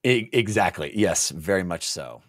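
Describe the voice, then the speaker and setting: Man, podcast co-host, bouncy lively intonation, dry close sound, rambling, jokey. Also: deep voice, normal speed, dry recording. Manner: rambling, playful, many fillers. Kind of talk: casual book discussion.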